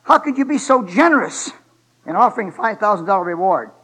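A man's voice: high voice, lively intonation, fast, gravelly, pushed and bright, husky, exaggerated voice, rough recording. An old man playing a nosy coworker in a told joke, questioning in disbelief with a rising voice. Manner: incredulous questioning. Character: puzzled coworker, nosy and blunt.

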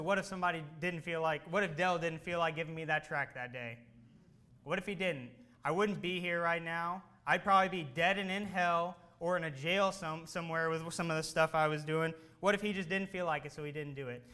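Bright, high-voiced young-sounding preacher man. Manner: earnest, conversational storytelling that rises to urgent exhortation. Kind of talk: sermon.

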